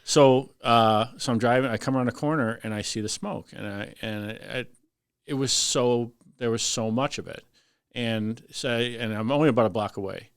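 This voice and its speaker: A man's voice: medium pitch, moderate pace, clear, resonant tone, dry recording, clean studio sound. A middle-aged man, a veteran fire lieutenant, telling a story in casual podcast talk and acting out the voices of the people in it. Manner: animated, acts out voices in his story. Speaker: firefighter lieutenant guest.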